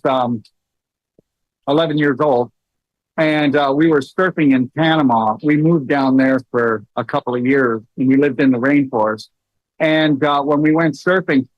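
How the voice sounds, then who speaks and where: A middle-aged man telling stories in a loose, casual way, full of fillers and animated asides. His voice sits a little high. The sound is dull and lo-fi, dry with no room to it. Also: no echo. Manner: storytelling, many fillers, rising into animated quoted lines. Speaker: host. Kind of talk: casual livestream talk.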